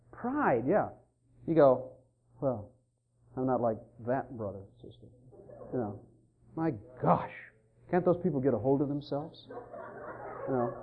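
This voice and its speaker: Male preacher, sermon, high voice, lively swings in pitch, folksy asides, dull lo-fi recording. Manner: animated, acts out quoted voices, folksy asides.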